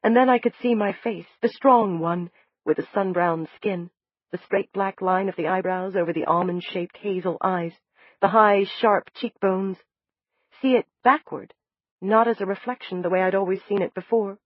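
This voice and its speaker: Woman narrator, first-person audiobook, steady descriptive reading, dull dry sound. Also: medium pitch, no echo. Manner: measured, descriptive.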